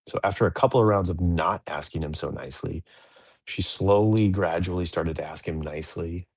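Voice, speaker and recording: Speaking fairly quickly in a low voice, a podcast host in his thirties reflects casually on a daily reading for his dads' show. He rambles and corrects himself along the way, and the recording has no room sound.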